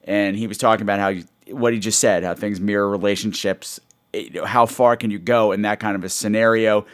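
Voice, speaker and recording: A man's voice: fairly low pitch, steady tone, a little fast, a bit bright. A man hosting a horror movie podcast in casual chat, rambling with self-mocking jokes and reading listener emails aloud. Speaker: podcast host.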